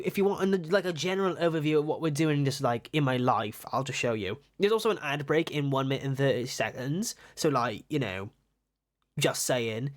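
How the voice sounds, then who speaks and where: Lively, giggly young art streamer. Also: medium pitch. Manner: rambling, giggly, swears casually. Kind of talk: casual livestream chat.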